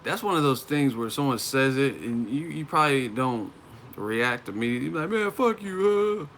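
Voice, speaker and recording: A man's voice: mid-range voice, brisk, fairly bright tone, a little hiss or hum. A man on a casual live stream, talking about boxing, often laughing and swearing as he mocks the fighters. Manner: laughs often, profane, mocking impressions.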